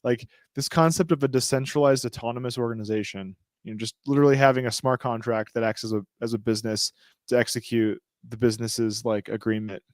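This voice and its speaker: A man's voice: medium pitch, fairly even intonation, quick pace, dry recording, studio quality. Slangy, joking man reading crypto news. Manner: joking, slangy, trips over words and laughs it off. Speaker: podcast co-host. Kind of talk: casual chat reading news aloud.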